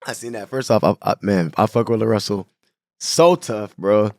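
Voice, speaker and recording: A man's voice: on the low side, normal speed, vocal fry, darkish tone, no room sound, studio quality. A young man from San Diego, a guest telling stories in a casual podcast interview, laid-back and full of slang. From San Diego, California. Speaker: guest, clothing brand owner.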